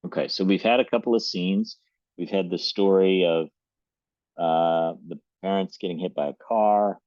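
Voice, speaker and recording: Very deep-voiced man critiquing a manuscript. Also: fairly even intonation, dry recording, lo-fi sound. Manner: thinks aloud, tentative and measured. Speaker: writing coach. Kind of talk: live manuscript critique, reading aloud and commenting.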